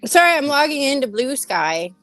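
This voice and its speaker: A woman's voice: high voice, big pitch swings, moderate pace, fairly bright tone, dry recording, soft background music, poor audio. Flustered woman guest on a stream. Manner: flustered, self-deprecating. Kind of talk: casual livestream chat.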